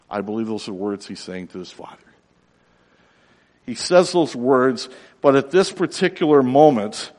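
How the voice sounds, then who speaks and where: A pastor preaching a sermon with drama, dropping to near whispers and then rising to loud cries. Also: male voice, mid-range voice, normal speed. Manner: dramatic, swings from hushed to loud. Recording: reverberant hall.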